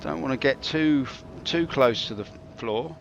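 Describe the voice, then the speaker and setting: A man's voice: medium pitch, measured pace, creaky, dull audio, slight background noise. A man giving rambling, jokey commentary over his gameplay, drifting into mock-philosophical musings. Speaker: game streamer.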